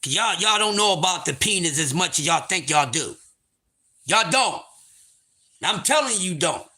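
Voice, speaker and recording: A man with a very high, bright voice tells a story on a livestream. His pitch swings widely, and he often gets loud and profane as he laughs his way through it. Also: expressive, moderate pace. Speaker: livestream host.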